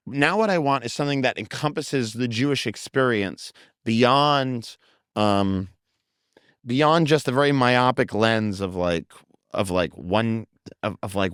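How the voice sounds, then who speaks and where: A man from the United States, a comedian guest in a casual interview, talking quickly with many fillers and some swearing. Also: on the low side, clear, resonant tone, no room sound, clean studio sound.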